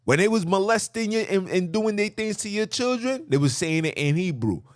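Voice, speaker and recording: Brief: male podcast host, impassioned monologue, swooping pitch, dry close sound, repeats for emphasis. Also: moderate pace, no room sound. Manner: animated, preachy, repeats himself for emphasis.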